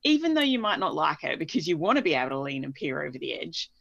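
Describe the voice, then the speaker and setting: A woman's voice: deep voice, big pitch swings, fast, creaky, fairly bright tone, no echo. A woman co-hosting a casual parenting chat, thoughtful and rambling with fillers. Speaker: podcast co-host. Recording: slightly dull, dry sound.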